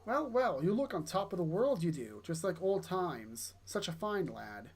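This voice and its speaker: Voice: medium pitch, sing-song, moderate pace, slightly rough. A player voicing a kindly old village granny. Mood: nostalgic. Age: older.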